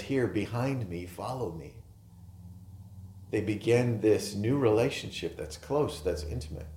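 A male pastor delivers a sermon in an earnest voice of middle pitch. He presses hard on key phrases, then lets his lines sink quietly. The sound carries the echo of a roomy church.

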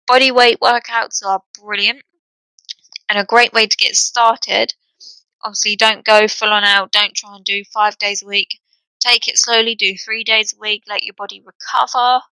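A young woman hosts her own podcast in a scattered, self-mocking ramble. Her voice sits a little high, bright with a gravelly edge. The recording is dry and close, with no room around her. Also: dry recording, rough recording. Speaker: podcast host.

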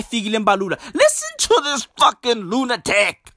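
A man from South Africa hosting a casual, profane rant on his show, animated and forever tacking on "right?". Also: sits high, a little fast, dry recording, clean studio sound. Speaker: podcast host.

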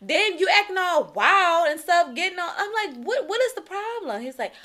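A young woman co-hosting a casual podcast, telling a story with lots of energy, acting out quotes with shouts and laughter. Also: very high-pitched, sing-song, normal speed. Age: young adult. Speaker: podcast co-host.

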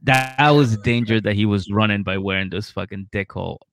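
Gravelly, swearing podcast storyteller man. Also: on the low side, a little fast, noisy background. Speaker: podcast host. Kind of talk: casual comedy podcast chat.

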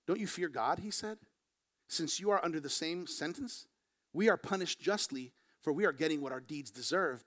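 A man preaching a sermon as pastor, moving between quiet, slow passages and quick, raised emphatic bursts. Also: fairly high pitch. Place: church.

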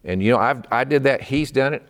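A man's voice: mid-range voice, fairly quick. A man from Texas preaching a midweek sermon in a fervent, emphatic way. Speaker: pastor.

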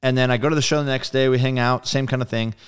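A guest musician in an interview tells a story in a casual, animated way, acting out quoted dialogue and swearing freely. His medium-pitched voice is clear and resonant, and he talks fast.

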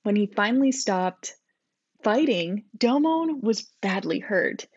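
A woman's voice: medium pitch, expressive, slow pace, a little mellow, slightly rough, no room sound. A woman co-hosting a podcast, reading her childhood fanfiction aloud and laughing at her own writing. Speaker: podcast co-host. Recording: dull lo-fi recording.

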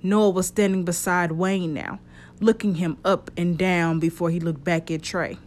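A woman narrating a story chapter in a steady storytelling manner. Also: lowish voice, a little slow, a little hiss or hum.

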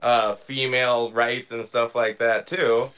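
A man sits in as a guest on a podcast, answering in short, relaxed remarks. His voice is mid-pitched and easygoing. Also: takes it slowly, smooth. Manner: relaxed, brief replies, laughs along. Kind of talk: casual chat.

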